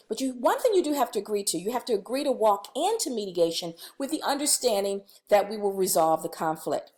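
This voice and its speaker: Lively woman giving staff training. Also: on the high side. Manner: lively, conversational, acts out sample dialogue. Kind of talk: recorded training presentation.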